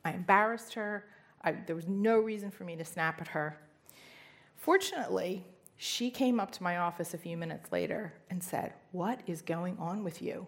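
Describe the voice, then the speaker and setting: A woman's voice: fairly low pitch, animated, moderate pace. A middle-aged woman telling a personal faith story in an earnest storytelling manner, with emphatic rises. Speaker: speaker sharing testimony. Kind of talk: personal testimony talk.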